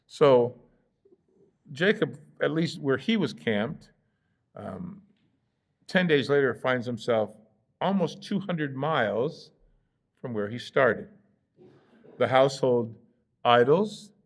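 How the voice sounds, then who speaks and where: Gravelly-voiced American pastor teaching scripture. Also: male voice, medium pitch, lively intonation, takes it slowly, long pauses. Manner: conversational, with fillers and playful asides acting out the characters. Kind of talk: Bible study teaching. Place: church sanctuary.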